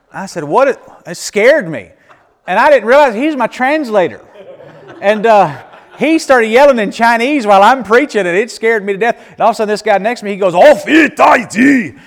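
Missionary guy telling stories to a church, fairly high voice, laughs a lot, big echoey hall. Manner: animated, laughing often, many restarts. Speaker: visiting missionary preacher. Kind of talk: casual storytelling to a congregation.

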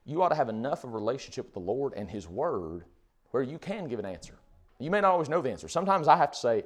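Conversational preacher with animated delivery. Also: male voice, medium pitch, fast. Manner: conversational, full of rhetorical questions. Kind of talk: sermon.

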